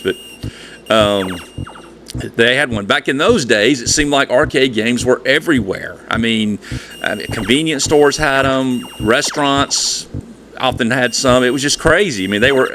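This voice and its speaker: A man hosting a retro gaming channel reminisces in a rambling, chatty, folksy storytelling way, delivering a nostalgic, casual monologue. His voice is lowish and a bit bright, with slight background noise behind it.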